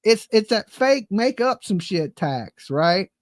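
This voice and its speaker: A woman's voice: mid-range voice, very animated, slow pace, no echo. Profane, exasperated woman ranting casually. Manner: profane, exasperated, rambling with restarts. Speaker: livestream host. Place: home.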